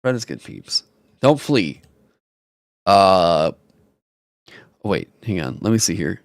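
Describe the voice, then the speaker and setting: A man hosting a casual live stream, talking in an animated, rambling way and swearing casually into a headset mic. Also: sits low, slow, creaky, dry recording, clean studio sound. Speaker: streamer host.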